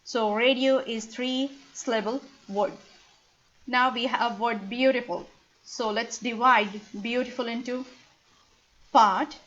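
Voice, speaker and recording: A woman ESL teacher with a slightly high voice walks through a lesson at a very slow, patient pace. She spells letters out one by one and breaks words into sounds. The recording is dull and lo-fi. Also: fairly bright tone.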